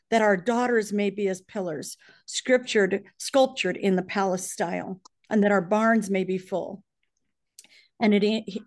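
A middle-aged woman praying aloud with fervor, her voice choked up and close to tears. She reads scripture and song lyrics with mounting intensity, earnest and heartfelt, at a middle pitch. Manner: fervent, emotional, builds in force when reading lyrics. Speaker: prayer leader on a briefing call. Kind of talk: earnest spoken prayer and scripture reading.

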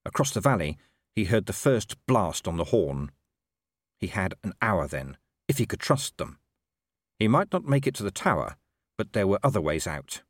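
A man giving expressive scripted narration of a comic fantasy audiobook. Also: fairly low pitch, normal speed, dry recording, studio quality.

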